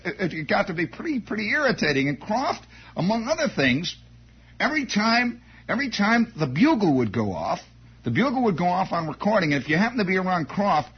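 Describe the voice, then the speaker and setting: A man's voice: high-pitched, breathy edge. A man telling a rambling army anecdote on air, digressive, with repeated words and wry asides. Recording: dull lo-fi recording.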